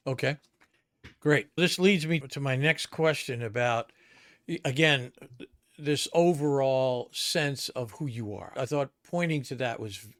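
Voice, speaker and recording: A man hosting an interview podcast, asking measured questions with halting restarts. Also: mid-range voice, a bit bright, no room sound, clean studio sound. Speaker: podcast host. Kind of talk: interview conversation.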